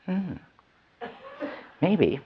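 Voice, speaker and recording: A woman's voice: lowish voice, very animated, very slow, muffled recording, slight background noise. A woman frankly telling her recovery story to a live audience, with a wry, self-mocking humor. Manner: candid, wry, laughs often at herself. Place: event hall with an audience.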